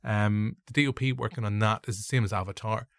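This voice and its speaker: A Northern Irish man in his younger years chats through a film review, wandering between thoughts and correcting himself as he goes. His voice sits fairly low. It is recorded close and dry, with no room sound. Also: fairly even intonation, brisk, creaky, dry recording. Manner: rambling, self-correcting, joking asides. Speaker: podcast host. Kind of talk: casual film review chat.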